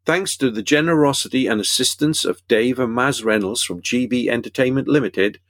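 A man co-hosting a film podcast, reading the news in a brisk, announcer-like way with dry wit. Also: on the low side, no room sound. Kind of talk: scripted news reading with banter.

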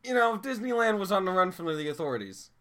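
A man with a bright, very lively voice plays the exasperated straight man on a comedy show. His pitch swings widely as he cuts in and pushes back against his partner's nonsense. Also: fast. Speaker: comedy co-host, news reader. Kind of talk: improvised comedy sketch show.

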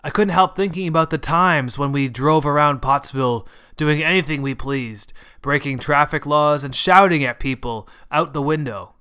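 A man's voice: a little high, moderate pace, hardly any pauses, bright, forceful tone, clean tone. Man narrating a short story. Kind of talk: scripted narration.

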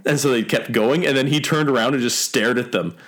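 A man's voice: medium pitch, brisk, fairly bright tone. A young Canadian man telling stories in a casual chat, rambling with many fillers and the odd swear word. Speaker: guest.

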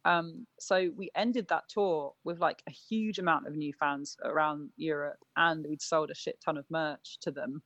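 A woman's voice: low voice, steady tone, unhurried, hardly any pauses, fairly bright tone, dry recording, muffled recording. A woman in her thirties, a punk band musician being interviewed, talking in a chatty way full of fillers and self-corrections. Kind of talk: casual interview chat.

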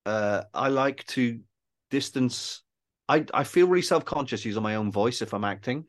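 A man, a film director and guest, talking in a casual interview, rambling and self-deprecating, halting and restarting often. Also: medium pitch. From Wales.

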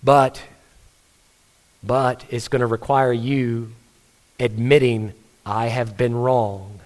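Casting: male pastor, mid-pitched voice, earnest conversational sermon delivery, storytelling. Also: steady tone, slow.

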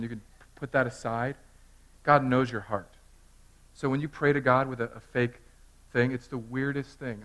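A man preaching a sermon as pastor, swinging from hushed, intimate talk to loud, fervent passages and often repeating words. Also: medium pitch.

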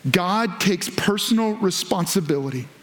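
A male pastor preaching a sermon to several campuses, animated, lifting his voice when he quotes scripture. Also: high voice, moderate pace. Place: large church auditorium. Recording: echoey hall.

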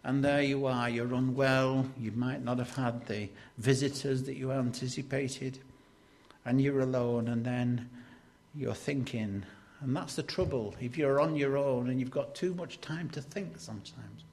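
Slow-preaching man. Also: mid-range voice, fairly even intonation, a little mellow. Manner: slow, deliberate preaching with sudden emphatic rises. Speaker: preacher and hospital chaplain. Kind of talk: sermon.

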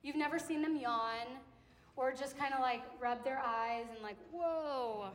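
A young adult woman preaching a sermon to a campus ministry gathering, in a conversational, animated way that acts out little quotes. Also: high voice, normal speed. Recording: echoey hall with long reverb.

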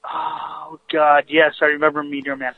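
A man's voice: a little high, flat delivery, moderate pace, no room sound. A man co-hosting a radio show by phone while driving, chatty and joking. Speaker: radio co-host. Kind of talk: casual radio banter. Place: driving in a car. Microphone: phone call. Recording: tinny phone line from a car.

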